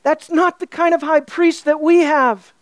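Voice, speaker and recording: A woman's voice: high-pitched, fairly even intonation, a little slow, no echo. A woman preaching a sermon, emphatic, with rhetorical questions and building repetition.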